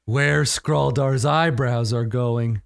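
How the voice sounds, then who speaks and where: A man doing a hulking, simple-minded woman who talks in slow, broken bits of speech. Her words come out heavy and plain, with a dry, close sound. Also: mid-range voice, steady tone, gravelly, no echo. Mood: mournful.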